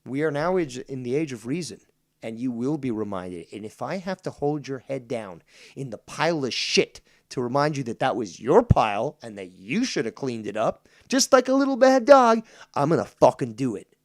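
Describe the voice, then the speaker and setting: A man rants at his stream audience in a medium-pitched, fiery, profanity-laced voice. He stacks repetitions and drags out his key phrases slowly for weight, sounding righteous and unrelenting. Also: expressive. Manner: indignant, swears heavily, repeats for emphasis; slows down to stress key lines. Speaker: livestream host reading viewer comments. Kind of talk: profane ranting monologue.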